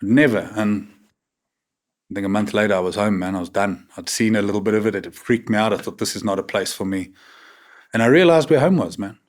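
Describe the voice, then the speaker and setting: A man's voice: on the low side, fast. A South African man in his fifties, a guest on a talk show, telling stories frankly and tagging his sentences with "man" and "right?". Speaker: podcast guest. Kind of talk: candid conversational interview.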